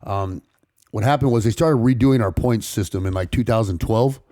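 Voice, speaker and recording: A man from California's San Fernando Valley, a podcast guest telling a personal story in rapid, profane street talk full of restarts. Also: on the low side, dark tone, dry recording, clean studio sound. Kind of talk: casual storytelling interview.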